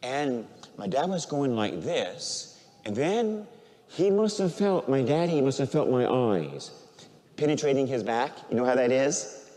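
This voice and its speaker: An older male priest preaches in a church with a long, ringing reverb. His pitch leaps and falls with feeling, now raised in proclamation, now dropped low and hushed as he grows emotional. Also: animated, measured pace. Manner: emotional storytelling, swinging from loud preaching to quiet, near-tearful speech. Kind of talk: sermon.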